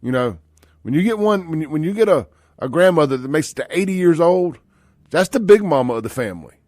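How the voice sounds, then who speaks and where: A man hosting a talk radio show, delivering a brash, sarcastic, animated monologue into a studio microphone. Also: fairly high pitch, fairly quick, dry recording.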